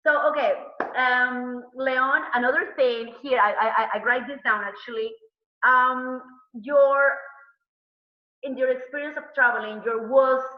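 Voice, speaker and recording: Female interviewer, video call, halting questions, lo-fi echoey audio. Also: fairly high pitch. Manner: hesitant, filler-heavy questions.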